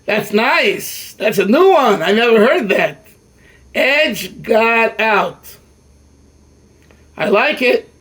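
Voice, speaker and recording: An older man leads a Torah class in a voice that sits unusually high for a man. He speaks emphatically and with lots of animation, often breaking off and restarting a phrase before pressing his point. He talks like a teacher working through a text with his students. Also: big pitch swings, extremely slow, long pauses, fairly bright tone, husky. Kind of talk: Torah lecture.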